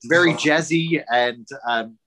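A man's voice: on the high side, slow, a crowd in the background, poor audio. A man, a songwriter, casually introducing his musical numbers with many fillers. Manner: relaxed, hesitant with many fillers. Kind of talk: lecture talk introducing songs.

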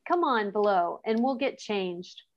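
A woman's voice: mid-range voice, expressive, lo-fi sound, natural voice. A woman reading aloud voices a friendly, hospitable young king in a lightly raised tone. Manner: hospitable, brisk. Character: friendly, warm-hearted young male king. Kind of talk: storybook read-aloud.

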